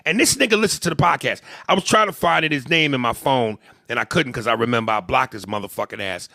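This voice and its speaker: A man who works as a comedian, co-hosting a podcast and telling profane, animated, joking stories in a casual rant. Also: mid-range voice, fast, creaky, few pauses, dry recording, clean studio sound.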